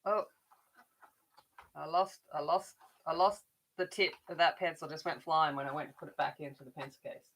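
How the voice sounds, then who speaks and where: A woman's voice: sits low, steady tone, normal speed, long pauses, fairly bright tone. A middle-aged woman chatting casually while colouring, rambling along with frequent restarts. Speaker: adult colouring channel host.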